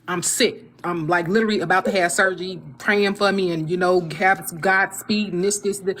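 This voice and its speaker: A woman giving a casual testimonial, telling her story in an animated way and quoting what others said to her. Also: fairly low pitch, moderate pace, hardly any pauses, slight background noise. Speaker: guest sharing her experience.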